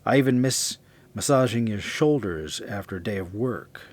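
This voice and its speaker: A man voicing a wife on the phone who is exasperated and affectionately teasing, in a husky voice slightly above his own low pitch. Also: expressive, normal speed.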